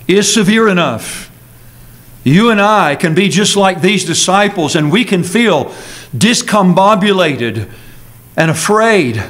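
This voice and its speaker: A man preaching an earnest, emphatic sermon with dramatic pauses, as pastor in a church sanctuary. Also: high voice, a bit bright.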